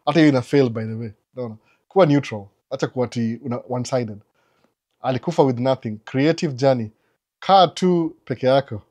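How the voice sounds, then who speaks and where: A man hosting a live Q&A stream, giving animated, lecturing advice and mixing English with Swahili mid-sentence. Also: medium pitch. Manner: animated, lecturing, asks rhetorical questions. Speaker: live Q&A host.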